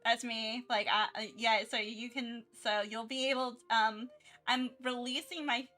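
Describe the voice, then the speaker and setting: A young woman with a bright, fairly high voice chats while she draws, rambling and laughing at herself. She talks in loose restarts and fillers, with faint music playing behind her. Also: steady tone, a little slow. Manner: rambling, self-mocking, many fillers and restarts. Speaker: art streamer. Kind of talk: casual chat while drawing.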